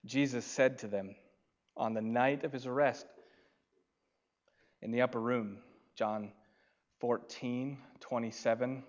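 A man preaching a sermon at an unhurried pace. His delivery swings between loud, emphatic lines and soft, hushed asides. The recording sounds dull and lo-fi. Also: mid-range voice, steady tone. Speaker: pastor.

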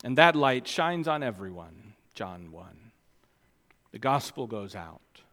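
A man preaching a sermon, swinging between quiet asides and loud, emphatic declarations. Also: lowish voice, sing-song, slow. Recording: long hall reverb.

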